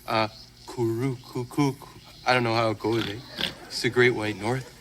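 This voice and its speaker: An actor gives us a dim, good-natured Canadian hoser who hosts a sketch-comedy TV spot, speaking in a mid-pitched man's voice with a Canadian accent. He drawls along, tacking 'eh' and 'right' onto his lines. The old broadcast audio carries a clear layer of background noise. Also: level tone, normal speed, natural voice. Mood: laid-back. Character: dopey adult male Canadian hoser hosting a TV spot. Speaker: sketch comedy host character.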